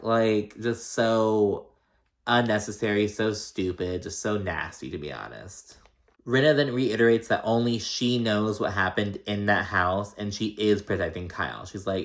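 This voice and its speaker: A man's voice: fairly low pitch, normal speed. Profane, opinionated man recapping gossip. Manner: profane, opinionated, mimics quotes in exaggerated voices. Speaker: recap host. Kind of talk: casual reality TV recap.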